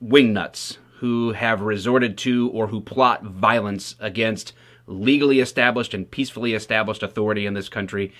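A man's voice: fairly low pitch, steady tone, moderate pace, a bit bright. A man from Michigan who works as a police officer, giving casual, wry commentary to the camera with sarcastic asides. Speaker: police officer, video host.

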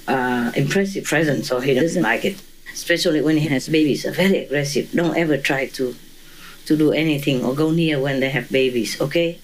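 Woman, interviewee, animated anecdotal storytelling, frequent laughter, mimics sounds. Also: low voice, a little hiss or hum, poor audio. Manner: laughs often, acts out voices and sounds.

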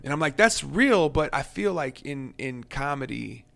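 A man's voice: medium pitch, normal speed, gravelly, a bit bright. A man who is a musician guest on a casual interview, speaking thoughtfully in a home studio, often restarting and repeating words.

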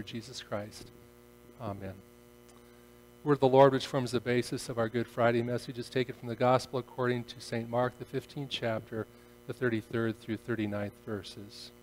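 Solemn pastor in a reverberant church. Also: male voice, mid-range voice, slight background noise. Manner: solemn, dramatic swells in volume on quoted cries. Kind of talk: sermon with scripture reading. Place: church sanctuary.

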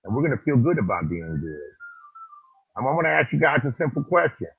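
Male livestream host, preachy and profane, husky voice over a phone-quality line. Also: medium pitch, very animated, fairly quick. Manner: profane, preachy, repeats phrases for emphasis. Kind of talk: preacher-style ranting livestream talk.

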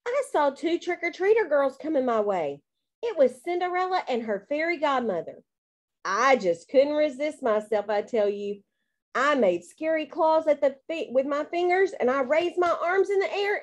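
Audiobook reader: woman, bouncy child's-voice narration, high and very lively. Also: normal speed. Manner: bouncy and expressive.

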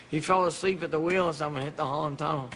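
A man's voice: fairly high pitch, steady tone, fast talker, bright, forceful tone. A man from Massachusetts telling a story in a casual interview, rambling and repeating phrases. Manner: rambling, repeats himself, laughs between phrases. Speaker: interviewee, former boxer.

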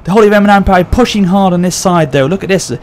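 A man hosting a gaming channel, excitedly commentating a battle over gameplay and often addressing his audience. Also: high voice, fast talker.

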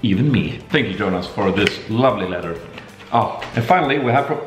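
A man from Sweden talking casually in a home vlog, chatty and playful, dropping to soft murmurs and jumping to high excited bursts. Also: fairly quick, roomy sound, faint music behind. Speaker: vlogger. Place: home kitchen.

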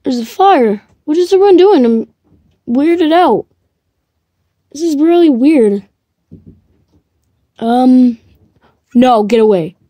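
A woman talks through her gameplay in a high, sing-song voice that swoops up and down, recorded close and dry with no room sound. She speaks slowly and sounds puzzled. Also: no echo. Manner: excitable, shrieks and laughs when chased. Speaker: gamer streaming live play. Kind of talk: reactive gameplay commentary.

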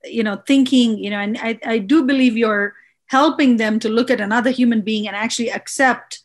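A woman with a slightly high voice moderates a panel discussion on a video call. She thanks each speaker warmly and appreciatively. Then she hands the turn to the next person. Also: steady tone, brisk.

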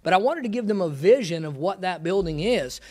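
Folksy high-voiced pastor giving testimony. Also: male voice, animated, darkish tone. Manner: folksy, quick, exclaims praise often. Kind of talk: missions conference testimony.

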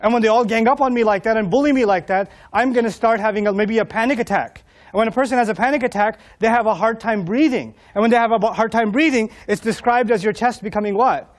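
Animated high-voiced man telling stories. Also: quick pace. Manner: animated, jokey, acts out quotes and voices. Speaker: Islamic speaker. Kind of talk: humorous storytelling talk to an audience.

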